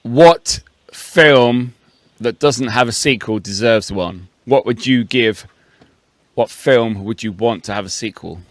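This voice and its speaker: A man's voice: medium pitch, slow, no echo. A man co-hosting a casual podcast chat, blunt and emphatic and swearing. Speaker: podcast co-host.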